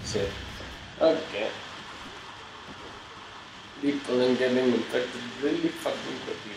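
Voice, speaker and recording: A man's voice: mid-range voice, slow, vocal fry, echoey room, distant mic, music in the background, rough recording. A man giving live, profanity-heavy commentary on his own gameplay as a gaming video host. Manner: profane, swearing at a teammate.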